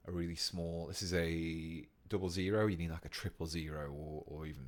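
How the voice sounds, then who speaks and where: A low, brisk male voice belongs to a British streamer teaching painting casually while he works. He keeps things relaxed and conversational, reading viewer comments aloud.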